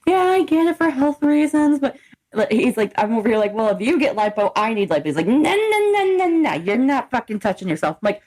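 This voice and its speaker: A woman's voice: a little high, quick pace, low-quality recording. Woman, late 20s, podcast co-host, casual chat, giggly, rambly storyteller. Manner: laughing often, rambling, animated storytelling.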